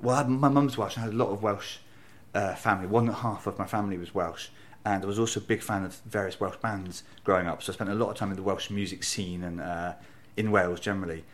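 This English comedian and novelist from Bristol is an interview guest chatting in a bar, telling stories with a self-deprecating edge. He talks fast with few pauses, in a lowish voice and fairly even intonation.

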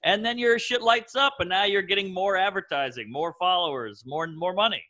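A man in his thirties from the American South, a comedian chatting on a podcast, telling animated stories and acting out other people's voices. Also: high voice, normal speed, rough recording. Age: 30s. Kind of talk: casual podcast chat.

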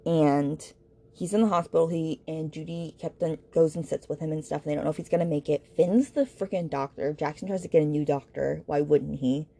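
Woman, low voice, gravelly, mellow tone, casual book recap, blunt and chatty. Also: brisk. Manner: chatty, blunt, retelling scenes with quoted dialogue. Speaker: book podcast host.

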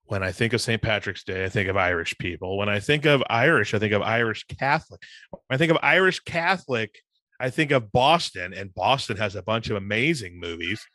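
A man co-hosting a podcast in casual chat, laughing often and thinking out loud with playful teasing. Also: lowish voice, lively intonation, a little fast, no echo, clean studio sound. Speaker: podcast co-host.

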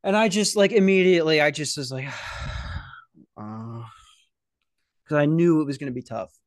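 A man's voice: on the high side, unhurried, dry recording, clean studio sound. Rambling, profane podcast host guy. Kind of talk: casual storytelling. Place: security office at night.

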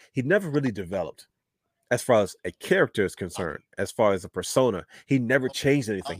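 A man's voice: on the low side, no echo, clean studio sound. A man hosting a podcast in a casual, rambling chat, calling listeners brother. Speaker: podcast host.

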